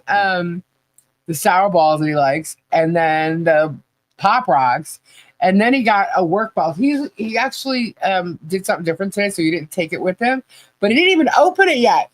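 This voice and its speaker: A woman hosting a live podcast stream and reading the chat, chatty and halting, laughing often. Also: mid-range voice, dry recording, poor audio.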